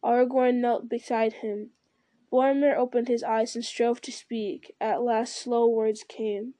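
A woman narrating a fantasy story aloud in a steady, unhurried reading style. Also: a little high. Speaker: reader.

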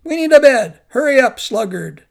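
Brief: man putting on a rowdy, teasing old Zen monk, high and loud, gravelly edge. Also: animated, slow, heavily acted. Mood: shouting. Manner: loud, teasing, commanding shouts. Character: bold, mischievous older male Zen monk.

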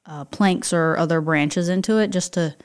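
A woman's voice: lowish voice, normal speed, smooth. A woman co-hosting a podcast, explaining things in casual chat and affirming often. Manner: explanatory, chatty, many affirming yeses. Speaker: podcast co-host.

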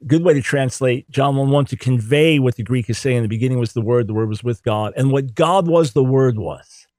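A man's voice: medium pitch, moderate pace, darkish tone, no room sound. A man giving an emphatic theology teaching talk, repeating words to drive points home. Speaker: Bible teacher.

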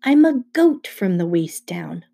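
A woman's voice: fairly low pitch, big pitch swings, unhurried, vocal fry, mellow, breathy edge, heavily acted. A woman voicing a jittery teenage satyr boy, half goat, who blurts things out defensively. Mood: uneasy.

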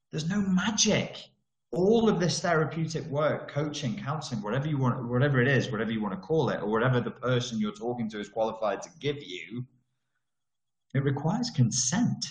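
A man talking casually about therapy as a coach, blunt and swearing, with animated emphasis on key words. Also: mid-range voice, normal speed, roomy sound, highs cut off. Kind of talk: casual solo talk, teaching.

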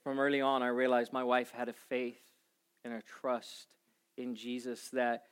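A man in his forties preaching a sermon to a congregation, telling a personal story with animated swings in energy. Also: medium pitch, measured pace, clear, resonant tone. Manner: animated storytelling, acting out his own panic. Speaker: pastor.

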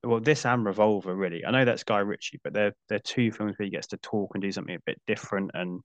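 Chatty podcast host, lowish voice. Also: male voice, fast, dry recording, lo-fi sound. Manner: chatty, restarts often, dry asides. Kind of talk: casual film discussion.

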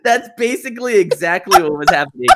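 A young man telling a funny story on a casual podcast, recorded over a voice call. His voice sits high and leaps around a lot. He laughs often and swears freely. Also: animated, quick pace, a crowd in the background, low-quality recording. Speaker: podcast host. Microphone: remote call mic.

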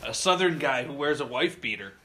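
A man's voice: mid-range voice, expressive, fairly quick, bright, forceful tone. A man co-hosting a comedy podcast, chatting loosely and tossing in jokes. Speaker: podcast co-host. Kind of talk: casual comedic chat.

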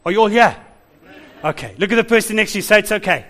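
A man preaching a sermon as pastor, animated, laughing and calling out to the congregation. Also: sits high, fast talker.

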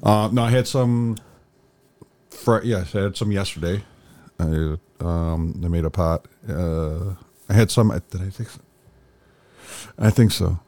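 A man's voice: unhurried, long pauses, a little mellow. A man co-hosting a casual chat, rambling through stories and acting out other people's lines in a raised voice. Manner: rambling storyteller, acts out quotes in a high voice. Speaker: podcast co-host.

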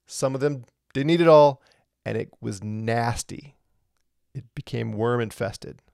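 Man with a lingering cough, teaching scripture and posing rhetorical questions; medium pitch, dry room. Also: measured pace, gravelly, a little mellow, no room sound. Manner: explains step by step, asks rhetorical questions. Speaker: Bible teacher. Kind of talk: verse-by-verse Bible teaching.

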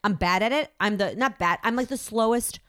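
Woman, thirties, talky actor guest, filler-heavy casual chat, mid pitch. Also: fairly quick, a bit bright, no echo, studio quality. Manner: chatty, self-deprecating, many "like" fillers.

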